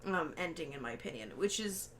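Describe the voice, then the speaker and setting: A woman's voice: low-pitched, animated, brisk, a bit bright, slight background noise. A woman co-hosting a podcast, animatedly retelling a film in casual chat with frequent swearing and laughter. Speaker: podcast co-host.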